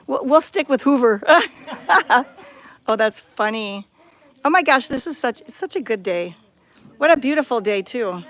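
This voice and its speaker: A woman's voice: on the high side, expressive, a little slow, fairly bright tone. Bubbly woman vlogging outdoors. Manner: bubbly, enthusiastic, chatty. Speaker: cat sanctuary vlogger. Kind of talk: casual walking vlog. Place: outdoors at a cat sanctuary. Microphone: handheld phone camera.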